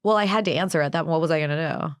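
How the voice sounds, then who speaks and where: A young adult woman co-hosting a podcast, telling dating stories in a blunt, animated way and swearing freely. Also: sits low, racing, smooth, no echo, studio quality. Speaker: podcast co-host. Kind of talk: casual chat, storytelling. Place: New York.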